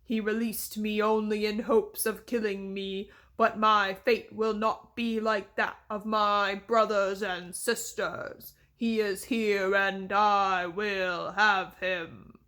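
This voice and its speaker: A woman voicing a huge, menacing male giant who growls out slow threats. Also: mid-range voice, flat delivery, fairly bright tone.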